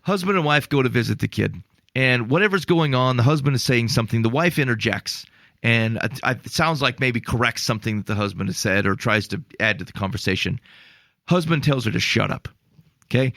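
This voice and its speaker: A man co-hosting a casual faith podcast, telling stories in an animated, exasperated way with lots of restarts. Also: medium pitch, fairly quick, vocal fry, no echo. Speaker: podcast co-host.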